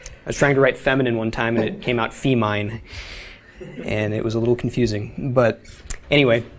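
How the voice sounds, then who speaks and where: A male Hebrew teacher leads a beginners' language class in an informal lecture, explaining step by step and frequently checking in with "okay?". His medium-pitched voice holds a steady tone at a slightly fast pace.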